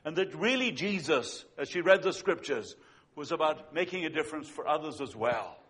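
A man preaching a sermon as a pastor, telling stories with swings between loud and hushed delivery. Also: on the high side, expressive, moderate pace, breathy edge. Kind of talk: sermon with storytelling.

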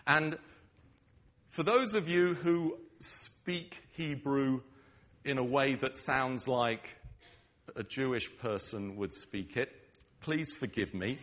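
A man's voice: on the high side, lively intonation, slow, a bit bright. A man with an English accent preaching a sermon, emphatic, often checking in with his listeners with "okay?".

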